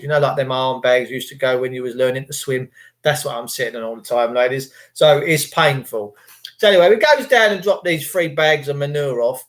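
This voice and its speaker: A middle-aged man, ranting crudely in a casual monologue. He swears, mocks others and jumps up into high voices to mimic people. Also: fairly quick.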